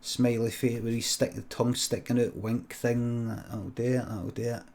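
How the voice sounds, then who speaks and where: A Scottish comedian improvising a comic story with deadpan, sweary narration and quick muttered asides. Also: male voice, medium pitch, creaky. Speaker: comedian streamer.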